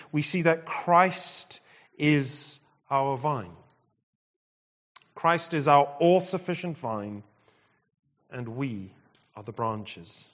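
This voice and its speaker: A man preaching a sermon, emphatic and measured, repeating phrases and pausing between them. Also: a little high, a bit bright. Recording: dull sound with long hall reverb.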